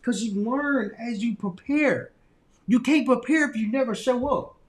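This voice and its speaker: High-voiced Southern man telling a story. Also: unhurried. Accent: Southern US, Arkansas. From Little Rock, Arkansas, US. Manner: loose, repetitive phrasing with frequent laughs and restarts. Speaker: motivational speaker. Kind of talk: casual storytelling talk.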